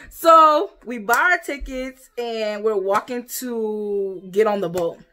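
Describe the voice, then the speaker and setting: A young woman from the United States telling a story to camera in a casual, animated way, acting out what other people said. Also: a little high, slow pace, slight background noise. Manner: animated, quotes people in exaggerated voices. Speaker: vlogger.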